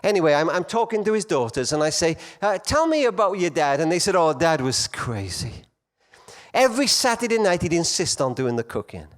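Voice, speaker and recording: A middle-aged man telling stories to an audience of men at a conference, swinging between loud emphasis and hushed quiet. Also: a little high, very animated, fairly quick. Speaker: conference speaker. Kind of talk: storytelling talk to men.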